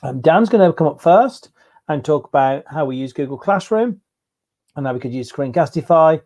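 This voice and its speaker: A man hosts an online education webinar from his computer. His voice is a little high but mellow and soft-edged, and he talks in a loose, relaxed way with the odd filler. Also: normal speed, highs cut off. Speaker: webinar host.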